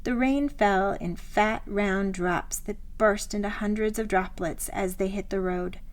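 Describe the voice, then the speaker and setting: A woman author reading her own memoir aloud, in a measured, reflective style of scripted narration. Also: mid-range voice, steady tone.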